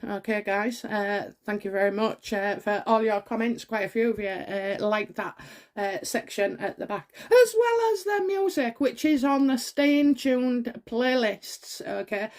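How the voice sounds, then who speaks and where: A middle-aged woman, hosting her own tarot channel and chatting to camera, excitable and rambling with many fillers and restarts. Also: a little high. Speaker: tarot reader and channel host. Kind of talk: casual chat to camera.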